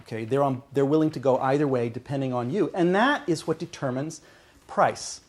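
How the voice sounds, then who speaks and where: A man's voice: medium pitch, a little fast. A male lecturer explaining ideas step by step to a class, often checking in with "okay" and restarting phrases. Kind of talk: university lecture. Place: lecture hall.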